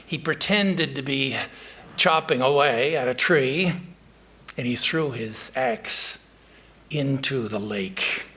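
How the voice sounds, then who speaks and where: A male monk giving a sermon in a temple, telling a story and reflecting in a measured way with frequent pauses and hesitations. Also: medium pitch, pushed and bright, breathy edge.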